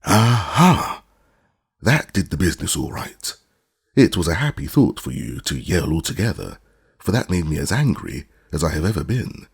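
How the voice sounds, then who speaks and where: A man voicing a boastful gravelly beast. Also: low voice, big pitch swings, a little slow, a little mellow, heavily acted. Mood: cheerful. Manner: proud, self-important bragging. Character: boastful, good-natured square-headed beast. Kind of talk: audiobook character reading.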